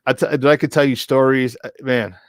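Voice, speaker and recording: A man co-hosting a sports talk show, telling a long story in a casual, animated way and jumping into the voices of the people he quotes. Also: medium pitch, normal speed, no room sound. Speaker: co-host. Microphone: remote mic, virtual studio.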